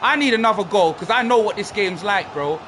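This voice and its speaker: High, lively gamer ranting. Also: male voice, fairly quick, a little hiss or hum. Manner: ranting, swearing, yelling at the game. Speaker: gaming YouTuber. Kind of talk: live gameplay reaction.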